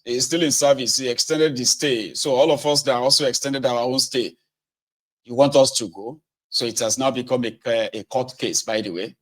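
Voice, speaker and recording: A man hosting a casual political commentary show, speaking sardonically and emphatically. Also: medium pitch.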